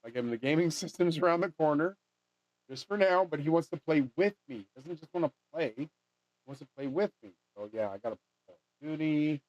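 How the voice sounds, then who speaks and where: A man in a fairly high register rambles through a casual monologue, trailing off and restarting his thoughts. He swears freely as he goes. The recording is dry and dull, with a lo-fi edge. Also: animated, brisk, a little mellow, no room sound. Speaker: vlogger making a money charm.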